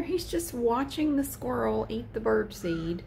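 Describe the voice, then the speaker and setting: A woman vlogger chatting casually while filming a cat outside, with a drawn-out, easygoing manner. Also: big pitch swings, vocal fry, darkish tone, a little hiss or hum. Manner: chatty, slow and drawn out, slips into high baby talk for the cat.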